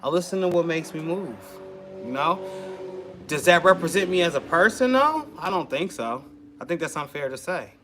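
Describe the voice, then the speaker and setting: A man's voice: a little high, lively intonation, normal speed, bright, forceful tone, soft background music. A man, chatting casually to camera in a rambling, laid-back way. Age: 40s. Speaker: custom shirt maker vlogger.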